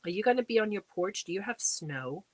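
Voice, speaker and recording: A woman's voice: medium pitch, lively intonation, brisk, dry recording. A middle-aged woman hosting a casual livestream, chatting away and reading out and answering viewer comments. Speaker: livestream host. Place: home crafting space.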